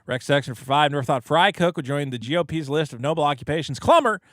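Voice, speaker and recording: A man's voice: fairly high pitch, expressive, quick pace, dry recording, clean studio sound. A man co-hosting a podcast, joking crudely and reading out listener messages in casual banter. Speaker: podcast co-host.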